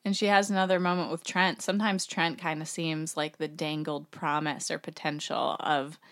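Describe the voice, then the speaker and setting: Low-voiced woman podcast co-host. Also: flat delivery, moderate pace, a bit bright, no echo, studio quality. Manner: thoughtful, frequent "like" fillers. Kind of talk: casual chat.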